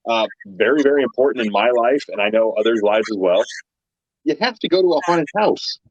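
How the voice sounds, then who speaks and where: Fast-talking man with a dull lo-fi mic. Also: medium pitch, expressive, no echo. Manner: quick, chatty, presents trivia segment. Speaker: podcast co-host. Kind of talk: casual podcast chat.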